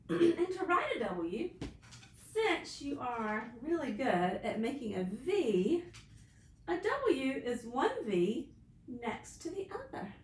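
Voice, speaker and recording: A woman teacher reads a picture book aloud to small children in a high, sing-song voice that swoops up and down. She takes it slowly and leans into each story voice, and the room gives the sound a light echo. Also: slight background noise. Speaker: teacher reading to young children. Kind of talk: children's lesson and read-aloud.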